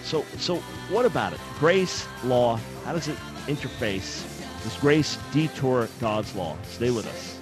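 A man's voice: medium pitch, lively intonation, a little slow, over music, rough recording. A man hosting a radio call-in talk show, speaking in an earnest, conversational way on a studio microphone. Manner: earnest, conversational, acts out imagined callers.

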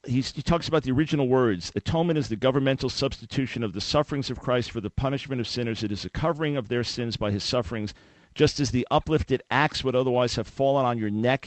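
A man hosting a radio debate with a caller, talking fast and often restarting his words as he jumps in. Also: medium pitch, dry recording. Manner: interjecting, repeats words when starting a thought. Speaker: radio show host.

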